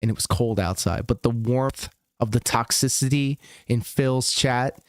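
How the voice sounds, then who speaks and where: A man's voice: mid-range voice, unhurried, dry recording. A man hosting a livestream, reacting to videos with crude, mocking, sarcastic commentary.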